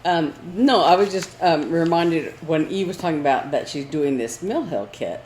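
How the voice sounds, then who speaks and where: A woman's voice: sits low, lively intonation, normal speed, darkish tone. A woman co-hosting a casual crafting chat, talking in a rambling way with many fillers. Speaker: co-host. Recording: echoey room with faint noise.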